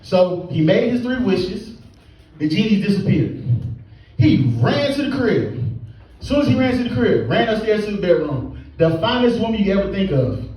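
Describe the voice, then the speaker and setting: A man doing a stand-up comedy set in a small comedy club, telling stories with animated energy and acting out the people in them. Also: high voice, moderate pace. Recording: echoey club from far off, crowd. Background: audience laughing.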